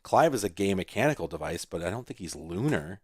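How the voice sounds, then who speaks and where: Sitting low and sing-song, the man's voice moves a little fast and comes through a dry, clean studio recording. Hosting a retro computing video, he rambles casually and profanely over an old computer game, letting out sudden exclamations.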